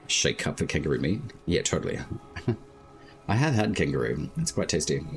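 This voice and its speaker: Very deep-voiced Australian man streaming. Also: very animated, soft background music. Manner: slow, laid-back talk with many "like" fillers. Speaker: game streamer. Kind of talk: casual live-stream chat.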